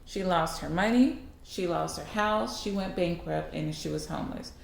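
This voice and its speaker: A woman's voice: lowish voice, moderate pace, gravelly, echoey room, a little hiss or hum. A woman vlogger telling a story casually to her viewers. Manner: chatty, animated.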